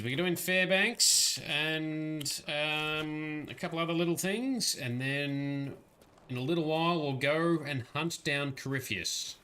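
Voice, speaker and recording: A man's voice: fairly high pitch, takes it slowly, bright, forceful tone. A man giving casual gaming-stream commentary, chatting to viewers, swearing and laughing often. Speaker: livestreamer.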